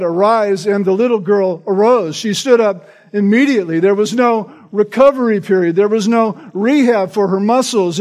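A man's voice: high-pitched, darkish tone. A man preaching a sermon in an earnest, emphatic way, often checking in with "right?". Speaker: pastor.

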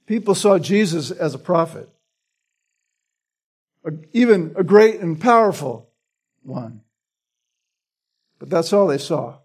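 High-voiced man teaching the Bible. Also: expressive, slow, pauses often, darkish tone, slightly rough. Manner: repeats words while teaching, asks "right?". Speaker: pastor.

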